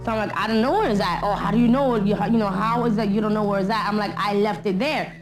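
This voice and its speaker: A woman speaks candidly in a documentary interview. She is blunt and loose, full of street slang, at a middle pitch, with faint music under her voice. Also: fast talker, rough recording.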